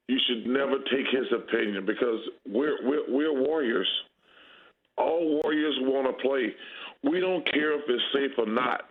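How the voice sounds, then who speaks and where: A guest basketball analyst in his fifties, a blunt and candid man with an ordinary mid-range male pitch, talks sports in a loose, emphatic, casual way. His voice comes through thin and tinny, like a phone line with the lows and highs stripped out.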